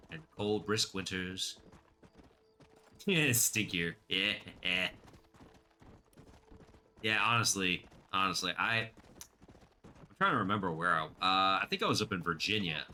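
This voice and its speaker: A man's voice: deep voice, sharp tone, a little hiss or hum. A man streaming a game, rambling casually and chatting with his viewers. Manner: rambling, chatty, reads chat aloud. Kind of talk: casual gameplay commentary.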